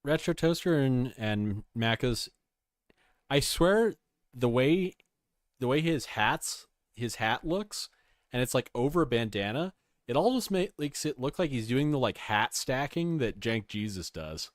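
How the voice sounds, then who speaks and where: A man's voice: mid-range voice, animated, measured pace, dry recording, studio quality. A man giving casual, chatty commentary while playing a video game. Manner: offhand, chatty asides. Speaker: gameplay commentator. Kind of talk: casual let's play commentary.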